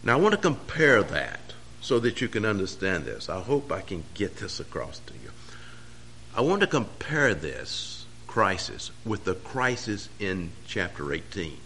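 A man's voice: on the low side, big pitch swings, a little slow, slight background noise. Emphatic preacher man. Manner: emphatic preaching, swelling louder on key phrases. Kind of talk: sermon.

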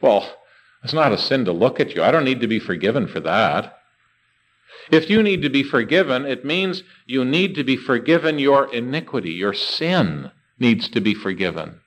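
A man preaching a sermon, asking rhetorical questions and slowing down to stress key words. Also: medium pitch, expressive, low-quality recording.

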